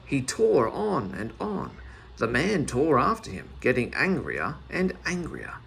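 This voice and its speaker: Lively man reading a children's story. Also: mid-range voice, measured pace, vocal fry, a little hiss or hum. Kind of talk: children's story read aloud.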